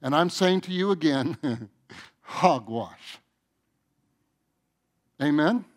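A man preaching to his church in a high-pitched voice. He takes his time, drawing the words out and pressing each point home as he speaks straight to his listeners. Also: lively intonation, very slow. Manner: emphatic, addresses the congregation directly. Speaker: pastor. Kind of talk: sermon.

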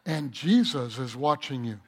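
A man's voice: mid-range voice, animated, unhurried, slightly rough. A man preaching a sermon as pastor, talking conversationally and working a joke into his message.

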